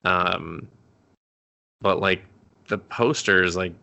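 A man's voice: low-pitched, slow, gravelly, sharp tone. A young man co-hosting a podcast, casually recapping an anime episode in a rambling, profane way, laughing often. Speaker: podcast co-host.

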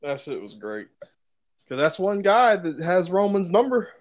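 A man's voice: sits high, very animated, a little slow, highs cut off. A man in casual chat about wrestling, laid-back and swearing casually.

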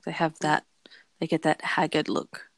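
Slow-talking woman, low, dry sound. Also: completely flat delivery, no room sound. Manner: rambling, searching for words. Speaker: podcast co-host. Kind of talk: casual chat.

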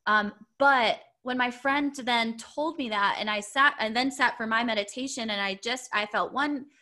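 A woman's voice: a little high, normal speed, sharp tone. A woman telling a heartfelt personal story in casual conversation, rambling with many fillers and restarts. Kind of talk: casual podcast chat.

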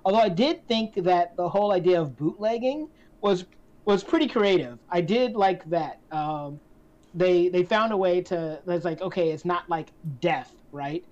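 Woman, podcast co-host, casual chat, frequent restarts, lower pitch, muffled lo-fi sound. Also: lively intonation, normal speed, a little mellow. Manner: thoughtful, restarts sentences, hedging. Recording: slightly dull lo-fi sound.

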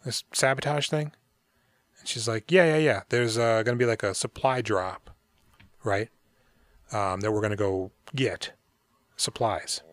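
A man's voice: lowish voice, measured pace, pauses often, dry recording. A man hosting a podcast, casually retelling a film's plot in a rambling, profane way and acting out the characters' lines. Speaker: podcast co-host. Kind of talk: casual movie recap.

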